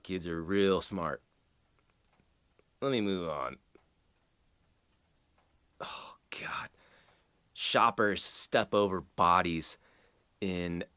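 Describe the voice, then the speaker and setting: A man's voice: low-pitched, a bit bright, no room sound. A man talking through a casual vlog monologue, rambling and chuckling as he loses his train of thought. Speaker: vlogger.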